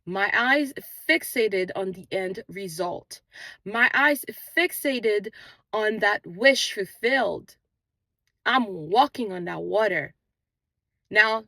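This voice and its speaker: Her mid-range voice is creaky and sharp-toned as this manifestation channel host delivers an earnest, preachy spiritual pep talk outdoors during a walk, repeating herself rhythmically. She points out her own non-native English accent, though its origin isn't given. There's no echo.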